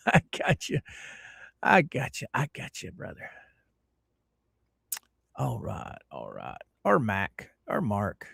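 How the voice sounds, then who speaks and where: A middle-aged man from Florida, hosting a casual livestream and greeting his viewers in a folksy, drawn-out way. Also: medium pitch, vocal fry, slightly rough, no room sound, clean studio sound. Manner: folksy, drawn-out greetings, lively ups and downs. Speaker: livestream host.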